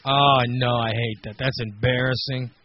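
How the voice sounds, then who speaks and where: A man hosting a casual radio chat, an animated storyteller who acts out quotes and gets loud. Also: mid-range voice, moderate pace, highs cut off.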